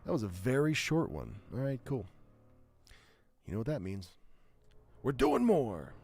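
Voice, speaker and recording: A man with a low, smooth, buttery voice hosts a live stream of spooky story readings. He jokes about himself between stories, and his pitch swings widely as he talks. Faint music plays underneath. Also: moderate pace. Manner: self-deprecating, joking, animated.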